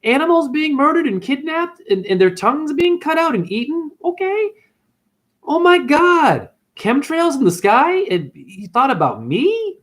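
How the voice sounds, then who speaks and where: A man telling a story in a casual, ranting monologue, with big swings in pitch as he goes. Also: very animated, moderate pace, few pauses, a bit bright. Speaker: spiritual vlogger.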